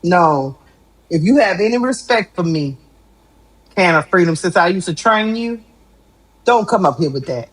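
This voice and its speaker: Animated woman hosting a live sports show. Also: fairly low pitch, moderate pace, long pauses, low-quality recording. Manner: animated, exclamatory, laughs a lot. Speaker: sports talk show host. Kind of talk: live sports talk stream.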